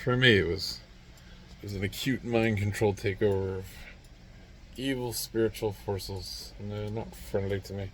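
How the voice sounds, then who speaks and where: A man's voice: on the low side, steady tone, a little slow, fairly bright tone, slight background noise. A man vlogging alone in a rambling, sardonic monologue full of grunts and muttered asides.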